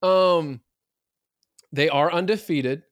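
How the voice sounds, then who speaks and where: A high-voiced man talks college football on a podcast, quick to opinions and full of restarts. The sound is close and dry, with no room around it. He keeps it casual and animated. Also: dry recording. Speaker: podcast co-host. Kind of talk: casual sports talk.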